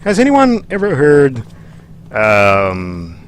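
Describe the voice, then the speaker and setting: A man keeps up loose, jokey live commentary as he plays. His voice sits in an ordinary middle pitch. A faint hiss runs under the recording. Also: wildly swooping pitch, drawn-out words. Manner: chatty, rambling, jokey. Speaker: livestream host. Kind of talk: let's play commentary.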